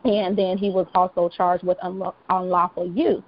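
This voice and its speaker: A woman's voice: on the low side, level tone, moderate pace. A woman with a Southern US accent co-hosting a podcast in a casual chat, chatty and full of "you know.". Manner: chatty, laughs often, says "you know" a lot. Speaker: podcast co-host. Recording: dull lo-fi home recording, fan hum.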